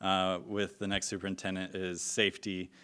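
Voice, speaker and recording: A man running for school board, answering a forum question in an earnest, measured way with filler pauses, in council chambers. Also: deep voice, completely flat delivery, bright, forceful tone, clear, resonant tone.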